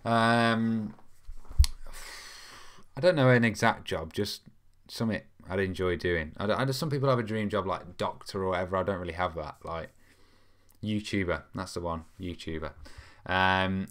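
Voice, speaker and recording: A man's voice: low-pitched, normal speed, fairly bright tone. A young man, hosting a football fan live stream in a casual, rambling way, reading out viewer comments with lots of ums. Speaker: fan channel host.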